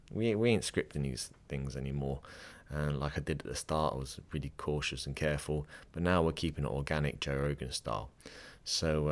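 A man in his thirties hosting a podcast, giving a chatty, upbeat, rambling intro from his home studio. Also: rumbling low. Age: 30s. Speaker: podcast host.

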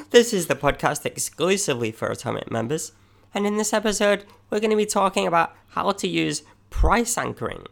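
A man's voice: high-pitched, expressive, fairly quick, creaky, fairly bright tone. A man co-hosting a business podcast, explaining with examples and plenty of fillers. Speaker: podcast co-host. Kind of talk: casual business podcast chat.

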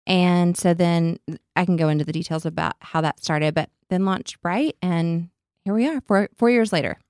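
A woman's voice: on the low side, moderate pace, clean tone, dry recording. A woman in her forties with a West Texas accent, a podcast guest talking casually in a studio with lots of energy and blunt frankness. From Lubbock, Texas. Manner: energetic, blunt straight talker. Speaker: guest, beauty entrepreneur. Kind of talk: casual interview chat.

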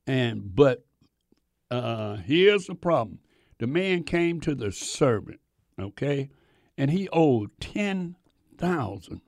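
A man preaching a sermon, reading scripture haltingly and breaking off into folksy, animated asides. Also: medium pitch, vocal fry, no room sound, clean studio sound.

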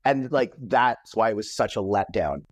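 A man's voice: fairly low pitch, expressive, moderate pace, no echo. A Canadian man, a comedian guest on a podcast, telling stories in a rambling, profane, casual way, full of "like" and restarts. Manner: profane, rambling, heavy use of "like".

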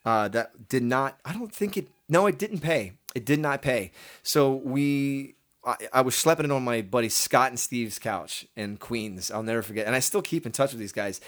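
A man's voice: medium pitch, moderate pace. A man, a stage performer, telling stories in a casual interview; he rambles, restarts sentences and acts out quotes.

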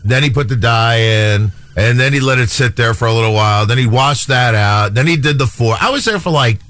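A man's voice: mid-range voice, brisk, fairly bright tone, dry recording, soft background music. An older man, a radio co-host, telling stories in casual chat.

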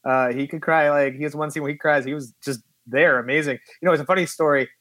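A man who is a film producer, telling lively stories in a casual interview and acting out quotes. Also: fairly high pitch, fast, dry recording. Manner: animated storyteller who acts out quotes.

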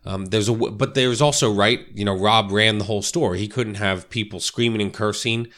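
A man's voice: lowish voice, steady tone, moderate pace, a bit bright. A man coaching real estate agents in a casual, conversational way, often checking in with "right?" and "you know". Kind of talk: casual instructional talk.

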